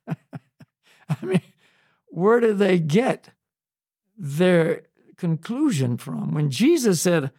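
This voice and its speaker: A man in an unscripted spiritual discussion, talking slowly and searchingly with many restarts and "you know"s. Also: sits high, sing-song, vocal fry, a little mellow, husky, no echo, clean studio sound. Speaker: podcast co-host on spiritual topics.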